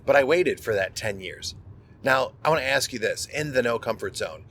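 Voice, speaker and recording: A man's voice: mid-range voice, animated, normal speed, pushed and bright, slight background noise. A middle-aged man, a podcast host, telling a personal story in a candid, conversational monologue and often restarting words.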